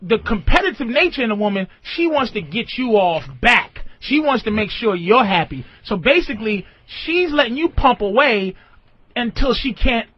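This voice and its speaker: A man's voice: very high voice, expressive, normal speed. A man hosting a radio show in casual chat, profane and laughing loosely, on a dull radio recording with music behind.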